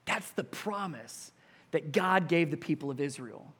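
A man delivering a sermon with a notably high voice. He preaches with emphasis, driving points home through repetition. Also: animated, measured pace, fairly bright tone, husky. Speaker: pastor.

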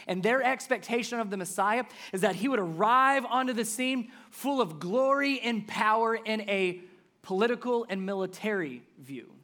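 Here is a pastor preaching a sermon in a mid-pitched voice that is neither high nor low. The delivery is conversational and emphatic. Loud, stressed words give way to quiet, dropped-down asides. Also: moderate pace.

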